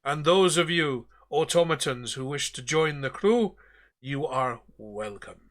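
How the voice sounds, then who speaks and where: A man voicing a gruff ghostly captain, speaking slowly and menacingly. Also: on the high side, expressive, fairly bright tone. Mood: commanding. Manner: slow, drawn-out menace. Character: ghostly pirate captain, soul-hungry, gruff.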